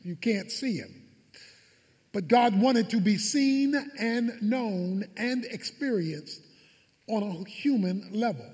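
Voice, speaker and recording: Preacher guy, really high voice, acts out the bible scenes, big echoey hall. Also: expressive, takes it slowly, a little mellow. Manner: emphatic preaching with dramatic retellings. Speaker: pastor. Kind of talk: sermon.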